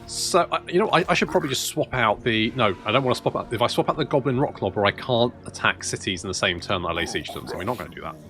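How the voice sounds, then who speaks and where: Man, let's play host, sweary, thinking aloud, animated pitch. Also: fast talker, hardly any pauses, soft background music. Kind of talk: gameplay commentary.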